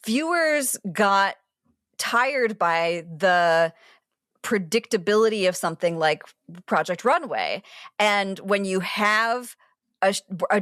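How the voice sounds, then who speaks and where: A woman, a TV critic and podcast co-host, explaining a show in animated casual chat, full of asides and restarts. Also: mid-range voice, no room sound, clean studio sound.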